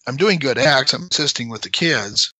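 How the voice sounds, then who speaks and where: Bright-voiced man explaining scripture. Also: medium pitch, animated, moderate pace, husky, no room sound, low-quality recording. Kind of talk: conversational explanation.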